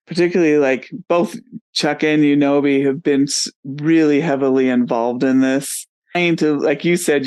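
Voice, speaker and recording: Male interview host, smooth clear voice, dry close recording, encouraging. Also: mid-range voice, a little mellow, no echo. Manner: agreeable, encouraging questioner. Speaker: podcast host. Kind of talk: podcast interview.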